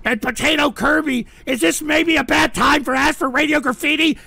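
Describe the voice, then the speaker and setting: A man hosting a live call-in stream, ranting and shouting with profanity, choked up and tearful. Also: extremely high pitch, normal speed, creaky, few pauses, no echo. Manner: shouting, profane, whiny and fed up.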